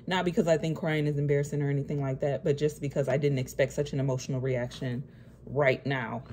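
A young woman talking to camera in an emotional personal vlog, nervous and close to tears, halting with many fillers. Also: low-pitched, fairly even intonation, mellow, a little hiss or hum. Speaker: vlogger.

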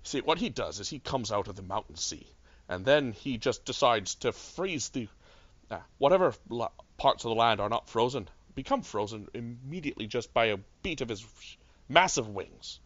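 A man's voice: medium pitch, lively intonation, normal speed, a bit bright, dry recording. A man voicing an Andorian village chief's daughter, a woman with a put-on brash Scottish-style brogue, telling folksy tales. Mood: ominous. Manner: folksy, gossipy storyteller. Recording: dull lo-fi dry online mic.

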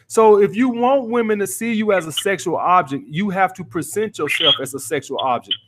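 A man's voice: high-pitched, heavy background noise. A man coaching callers on dating, lecturing bluntly and cursing freely. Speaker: dating coach taking calls. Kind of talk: call-in advice show.

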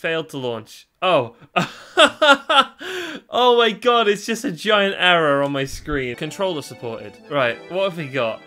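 A man's voice: fairly high pitch, animated, normal speed, over music. A young British man doing a sarcastic, swearing tech review vlog at home. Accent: British English. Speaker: YouTuber. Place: home, in front of a TV.

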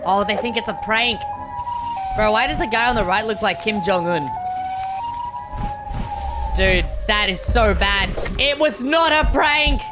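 A woman giving excited, slangy reaction commentary on an animated clip, exclaiming dramatically as events unfold. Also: medium pitch, a little slow, long pauses. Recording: music playing behind the voice.

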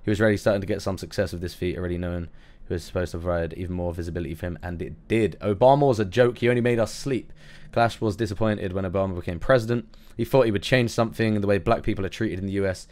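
A man's voice: low voice, rapid-fire, darkish tone. A man with an English accent giving casual, profane reaction commentary on a song, often stumbling over French words. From England. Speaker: music reaction host.

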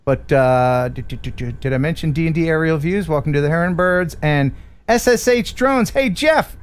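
A man's voice: a little high, moderate pace, slight background noise. A man hosting a live stream, chatting and joking with a guest and reading viewer messages. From USA. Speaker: host.

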